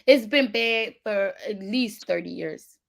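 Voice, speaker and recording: A woman from Philadelphia co-hosting a casual chat, speaking in a measured, thoughtful way that sometimes trails off. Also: mid-range voice, creaky, fairly bright tone. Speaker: co-host.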